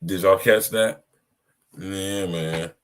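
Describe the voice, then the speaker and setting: Deep-voiced man preaching on a podcast. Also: steady tone, slow pace. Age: 30s. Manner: preachy, repeats "you hear me" and "man". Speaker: podcast host. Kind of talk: casual live-stream monologue.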